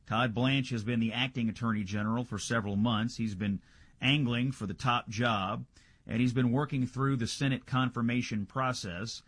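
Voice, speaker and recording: Husky-voiced male radio host, dry studio. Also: medium pitch, fairly even intonation, normal speed, fairly bright tone, no room sound. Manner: conversational, checking the Senate floor live with filler uhs. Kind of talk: political news rundown.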